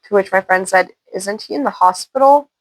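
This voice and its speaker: This Washington State woman speaks fairly quickly at medium pitch in a dry recording. She hosts her channel, casually telling paranormal stories full of chatty side comments.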